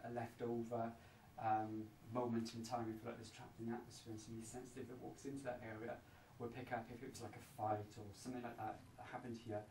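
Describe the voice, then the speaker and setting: A man speaks as a medium, feeling his way through impressions with many pauses and fillers. He sounds distant from the mic in an echoey room. Faint noise sits underneath. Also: mid-range voice, a little mellow. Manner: hesitant, searching, many fillers. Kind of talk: describing psychic impressions on location. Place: indoors at an old inn.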